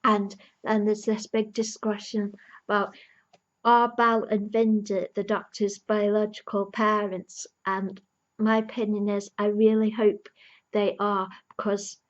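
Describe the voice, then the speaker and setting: A woman's voice: mid-range voice, level tone, a little slow, lo-fi sound. A woman giving an earnest, emotionally invested casual review, recapping an episode's plot as a fan.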